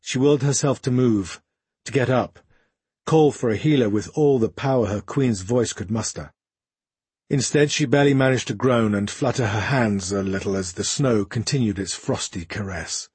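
Husky male audiobook narrator. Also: medium pitch, normal speed, dry recording. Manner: steady, even storytelling. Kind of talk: scripted narration.

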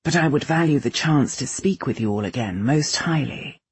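A woman doing a wry, urbane gentleman. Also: a bass voice, expressive, normal speed, slightly rough, no room sound, full character voice. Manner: dry, wry understatement.

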